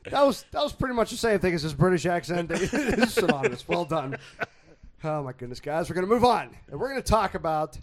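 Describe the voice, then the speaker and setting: High lively guy hosting a podcast, laughs a lot, reads off a list. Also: fast. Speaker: podcast host. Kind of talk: casual chat.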